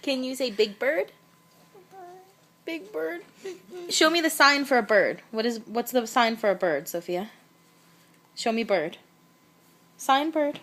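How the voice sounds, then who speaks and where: A woman talking slowly and encouragingly to her toddler at home, praising each answer. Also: fairly high pitch, expressive, a bit bright, slight background noise. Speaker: mother. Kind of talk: baby talk with a toddler. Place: home, at a changing table. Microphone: camera recording.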